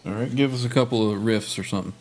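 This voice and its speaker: A man's voice: on the low side, quick pace, a little hiss or hum. Easygoing man hosting a guitar livestream. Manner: relaxed, easygoing, runs the jam session. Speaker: livestream host. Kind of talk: casual chat.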